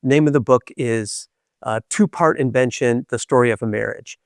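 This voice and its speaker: A man hosting a podcast, telling reflective spiritual stories in an animated, playful way with many hesitations. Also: medium pitch, moderate pace, creaky, no room sound, clean studio sound. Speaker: podcast host.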